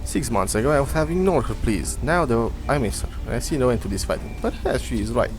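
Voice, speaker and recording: A man's voice: medium pitch, lively intonation, fast talker, close to an everyday voice. A man voicing a weary, homesick male alien soldier, reading a grave personal log. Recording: faint game music behind.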